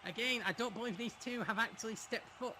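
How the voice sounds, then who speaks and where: High-voiced excited wrestling play-by-play man. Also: fast talker, a little hiss or hum. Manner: dramatic, laughs often. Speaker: play-by-play commentator.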